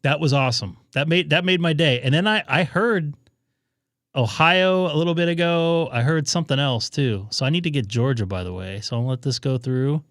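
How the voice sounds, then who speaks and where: Male ham radio host on a casual live stream, slightly high voice, dry close sound, excitable storyteller who rambles. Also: moderate pace, dry recording. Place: home radio room upstairs.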